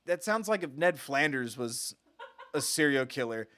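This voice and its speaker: A man's voice: mid-range voice, lively intonation, fairly bright tone. Joking man streaming a game. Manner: joking, quick asides. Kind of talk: casual gaming commentary, reading game lines aloud. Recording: gaming stream with music underneath.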